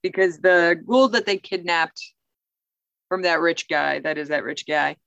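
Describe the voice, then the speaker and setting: A podcast co-host recapping a TV episode in casual chat, peppered with "like" and quick laughs. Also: medium pitch, gravelly, fairly bright tone, lo-fi sound, a little hiss or hum. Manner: chatty, says "like" often, laughs easily.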